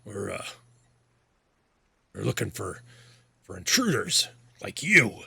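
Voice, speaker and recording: A gravelly, crude orc prisoner, put on by a man running a tabletop game. He sneers and insults his captors in a husky, bright-edged voice. The sound is dry and close. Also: fairly low pitch, big pitch swings, slow, dry recording, exaggerated voice. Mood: scornful. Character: hostile captured male orc warrior.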